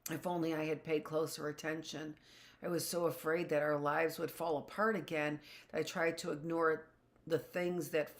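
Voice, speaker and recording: A woman with a low voice reads a first-person novel aloud, the way a teacher reads to her class. Her delivery is steady, with the occasional stumble that she corrects and a quick aside of her own. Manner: steady reading with small slips and self-corrections.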